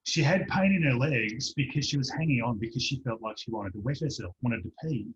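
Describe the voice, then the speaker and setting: A man, a practitioner telling a lively anecdote as a guest in an online interview, acting out the voices of the people in it. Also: medium pitch, fairly quick, crowd noise. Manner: animated storyteller, acts out voices in anecdotes. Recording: dull lo-fi online call audio.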